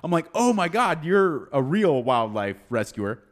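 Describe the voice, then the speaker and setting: An animated man telling a story in casual chat, his voice sitting a little high and swinging widely in pitch. He acts out the people he quotes. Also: a little slow. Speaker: podcast co-host telling a story.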